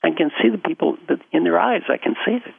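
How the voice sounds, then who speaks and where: Older male coach, lively storytelling, gravelly and dry, phone-line sound. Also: on the high side, quick pace, no room sound. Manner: animated storyteller, acts out quotes. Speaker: guest, executive coach. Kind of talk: storytelling interview answers.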